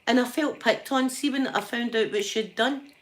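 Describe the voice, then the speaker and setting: A middle-aged woman with a Scottish accent telling a story casually in a chatty, repetitive, animated way. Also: fairly high pitch, normal speed. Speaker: vlogger.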